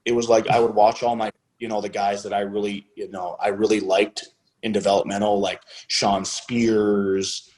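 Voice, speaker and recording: A man's voice: fairly low pitch, level tone, normal speed, a little mellow. A man guest on a podcast interview, retelling past events in a casual, profane way and acting out the dialogue as he goes. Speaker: podcast guest, former wrestler.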